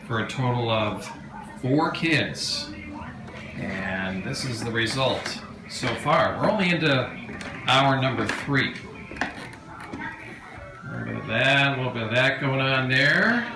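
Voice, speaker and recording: A man narrating a casual home video with dry, wry commentary. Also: medium pitch. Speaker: parent filming a home video. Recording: echoey room with background noise.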